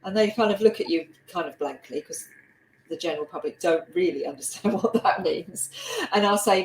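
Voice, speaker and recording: A woman with a light South London twang hosting a casual video-call interview, chatty and quick to laugh. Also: fairly low pitch, echoey room, a little hiss or hum, poor audio. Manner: chatty, laughs easily, animated asides. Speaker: host and curator.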